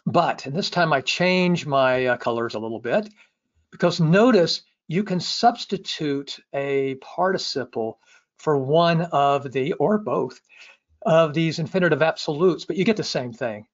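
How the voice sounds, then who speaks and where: A man's voice: fairly high pitch, expressive, unhurried, highs cut off. A man teaching biblical Hebrew in a recorded lecture, explaining at length and checking in with "okay". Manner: explanatory, repeats himself, many uh and okay.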